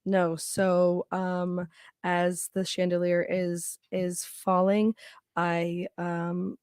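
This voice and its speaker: A hesitant woman describes her actions as a tabletop game player. Her voice is lowish and flat, and she talks slowly. The sound is dry. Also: clean tone, no echo. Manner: hesitant, halting. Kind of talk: playing a tabletop game, casual.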